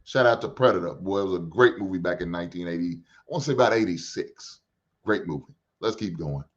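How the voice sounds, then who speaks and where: Animated man hosting a reaction stream. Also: deep voice, quick pace, muffled recording. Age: middle-aged. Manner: animated, laughing, slangy banter. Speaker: reaction show host. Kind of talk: casual reaction commentary.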